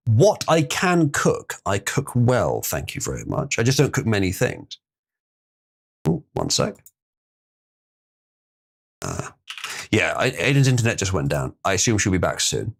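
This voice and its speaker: A man's voice: fairly low pitch, wildly swooping pitch, measured pace, gravelly, long pauses. A man hosting a live stream, chatting casually and reading viewer comments, rambling and opinionated with frequent ums. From Britain.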